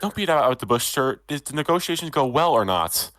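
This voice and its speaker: A man's voice: mid-range voice, expressive, brisk, a bit bright, dry recording, studio quality, lightly acted. A man voicing a blunt, impatient head maid woman in her thirties.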